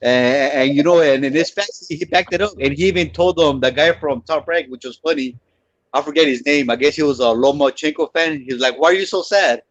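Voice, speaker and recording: A man's voice: on the high side, fairly quick, no echo. A man on a live sports panel, insistent, repeating himself as he argues his point. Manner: insistent, repeats words when pressed. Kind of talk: heated live sports talk.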